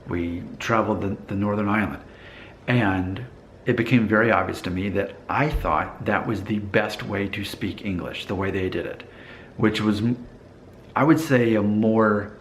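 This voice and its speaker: A man with an American accent and a lowish voice chats to his viewers in a relaxed, searching way, hunting for words with plenty of "uh" and "like". The room around him rings with echo, with a faint hum of ambience behind. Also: a little slow. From United States. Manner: thoughtful, hesitant, with many fillers and restarts. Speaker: vlogger. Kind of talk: casual talk to camera.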